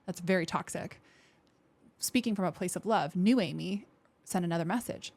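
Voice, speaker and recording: A woman veteran speaking as a podcast guest in casual interview talk, candid and expressive, acting out quoted thoughts in lively voices and swearing now and then. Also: on the low side, moderate pace, breathy edge. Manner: frank, with occasional swearing.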